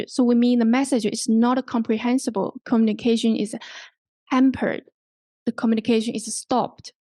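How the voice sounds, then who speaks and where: A woman's voice: on the high side, warm tone, dry recording. A woman with a Hong Kong accent teaching an online English pronunciation workshop, explaining step by step and often checking in with "okay?". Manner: explains slowly, repeats and rephrases, checks with "okay?". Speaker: workshop instructor.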